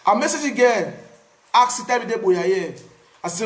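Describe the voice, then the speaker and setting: A man with a Cameroonian Pidgin English accent tells his own story in a casual, animated way, repeating words for emphasis. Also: sits high, normal speed, long pauses, roomy sound. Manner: animated, repetitive, pidgin phrasing. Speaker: activist.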